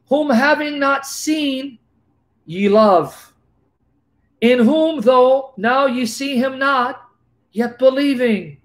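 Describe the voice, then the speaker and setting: A man with a high-pitched voice preaches to a live audience over a video call. He is emphatic and repetitive, circling back to the same scripture references as he teaches. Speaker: Bible teacher.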